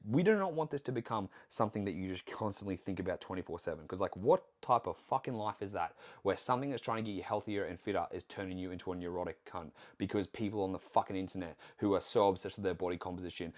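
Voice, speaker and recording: A man hosting his own podcast, talking casually into the mic as a nutrition coach. He rants bluntly and swears freely. His voice sits fairly low. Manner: blunt, heavily profane, animated ranting.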